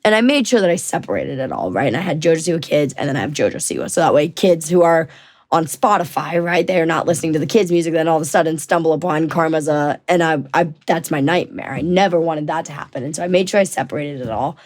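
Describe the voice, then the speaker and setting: A woman's voice: low voice, quick pace, darkish tone. A woman in her twenties, a podcast guest telling stories animatedly, often restarting and acting out what people said. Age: 20s. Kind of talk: casual storytelling interview.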